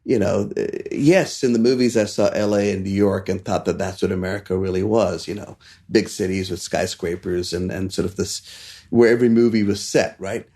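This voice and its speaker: A man from India, a chef telling stories as an interview guest, animated and quick to laugh. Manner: animated, laughs often, shifts pitch for quoted voices. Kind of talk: casual interview storytelling.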